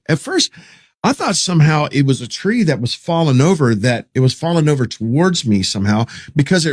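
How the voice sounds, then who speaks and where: A middle-aged man telling a story in a folksy, animated way, acting out what he said at the time. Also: on the high side, dry recording, clean studio sound. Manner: folksy, animated, quotes himself. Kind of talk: casual storytelling.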